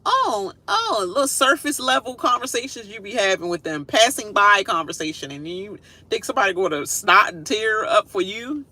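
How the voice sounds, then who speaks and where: A woman's voice: medium pitch, expressive, brisk, few pauses, pushed and bright, no echo. A woman giving a casual, sassy reaction rant, laughing often and mimicking people in whiny voices. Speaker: reality show commentator.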